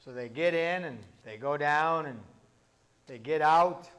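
A man's voice: fairly high pitch, measured pace, fairly bright tone. A male pastor telling humorous stories in a sermon, in a conversational, chained storytelling manner. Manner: conversational storytelling, many "and" links.

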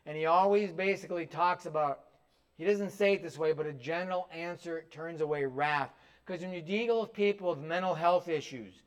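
A man with a notably high voice delivers a sermon as a pastor. He speaks in an emphatic, exhorting way, pressing his points straight at his listeners. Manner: emphatic, direct exhortation to the congregation.

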